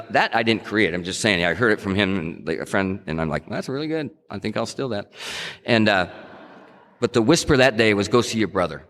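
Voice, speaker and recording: Deep-voiced middle-aged man, echoey hall. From New England. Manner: earnest, conversational storytelling with frequent restarts. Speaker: recovery meeting speaker. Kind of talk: personal testimony at a sobriety meeting.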